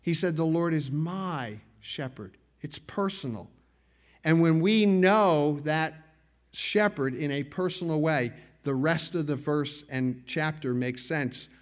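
Earnest preacher, slightly high male voice. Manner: earnest preaching with slowed emphasis and rising stress. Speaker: pastor. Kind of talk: sermon. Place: church evening service.

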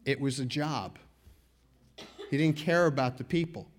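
A man preaching a sermon at an evening church service, earnest, slowing down and rising for emphasis. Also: mid-range voice, slight background noise. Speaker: pastor.

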